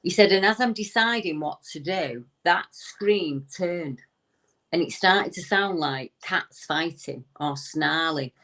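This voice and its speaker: Low-voiced woman telling a story. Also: takes it slowly, fairly bright tone. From United Kingdom. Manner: retells a story vividly, acting out the witness's quoted words. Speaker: guest recounting a witness's encounter. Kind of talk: conversational storytelling.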